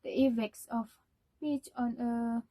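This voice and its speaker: Slow, halting young woman presenting. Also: on the high side, steady tone, mellow, low-quality recording. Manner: halting, many fillers and restarts. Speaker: student. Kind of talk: spoken class presentation.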